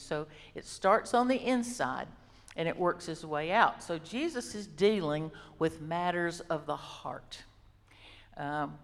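A woman delivers a sermon at an unhurried, deliberate pace, pressing each point home by repeating it. Her voice sits on the low side, and a long reverb trails her words through the hall. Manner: slow, deliberate, emphatic repetition. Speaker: Bible teacher.

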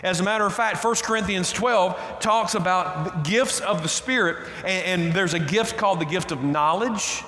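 Male pastor, fairly high voice, emphatic preaching, long hall reverb. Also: moderate pace, hardly any pauses, sharp tone. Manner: emphatic, repeats key phrases. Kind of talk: sermon. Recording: reverberant hall, roomy echo.

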